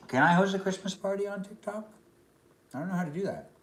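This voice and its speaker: A man's voice: high-pitched, quick pace, a bit bright, echoey room. A man chatting casually on a live stream while eating dinner, reading and answering chat comments between bites. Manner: talks between bites of food.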